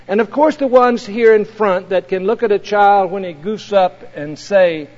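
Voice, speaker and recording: A man's voice: sits high, moderate pace, a little mellow, voice pushed up, lightly acted. A man voicing the Lord God as a proud, tender male creator, telling it earnestly within a sermon. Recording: dull recording in a reverberant hall.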